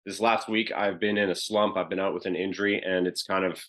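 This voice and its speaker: A man with a very low voice speaks quickly and earnestly on a coaching call. He sounds nervous but open as he asks for advice. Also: fairly even intonation, fairly bright tone. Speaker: coaching client. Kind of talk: asking for advice on a group call.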